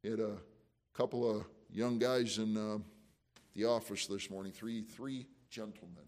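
A man's voice: lowish voice, steady tone, a little slow, a little mellow. A man preaching a sermon as pastor, conversational and fervent, with emotional surges, frequent restarts and folksy asides.

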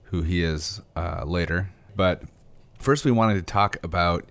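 A man hosting a podcast, chatting casually with a deadpan, sarcastic sense of humor. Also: deep voice, a little slow. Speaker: podcast host.

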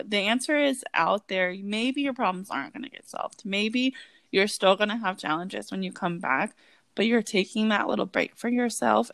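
A woman in her thirties speaks in a casual, heartfelt conversation. Her delivery is earnest and halting, full of restarts. The sound is dry and close, with no room around it. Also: mid-range voice, vocal fry, dry recording. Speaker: podcast co-host.

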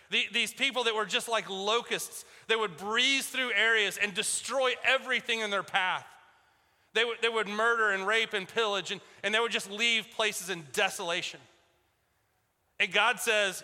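A man's voice: high-pitched, steady tone, moderate pace, bright, forceful tone, long reverb tail. A man preaching a conversational sermon as pastor of his church, often repeating words as he restarts. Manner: conversational, repeats words at restarts, acts out voices of biblical figures. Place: church sanctuary.

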